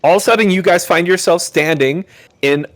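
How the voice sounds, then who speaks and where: A man narrates a tabletop role-playing game as its game master. His voice sits a little high, and he pauses often with fillers and repeated words while he describes the scene. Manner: hesitant, filler-heavy narration with many restarts.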